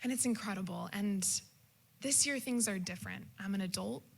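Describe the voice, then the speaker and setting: Speaking at a moderate pace in a medium-pitched voice that's gravelly with a breathy edge, a young adult woman recounts a comic tale from a family holiday. She's lively and shouts the quoted lines of her relatives.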